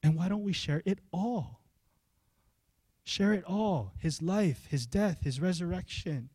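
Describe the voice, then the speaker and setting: A young adult male pastor, preaching a sermon in an animated, conversational way and asking the congregation questions. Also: sits high, unhurried, slightly rough, no room sound, studio quality.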